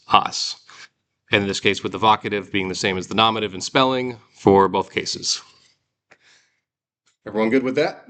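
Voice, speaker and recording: A man's voice: fairly low pitch, a bit bright, a little hiss or hum. A man teaching a classroom lecture, drilling word endings aloud and checking in with his students. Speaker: Greek teacher.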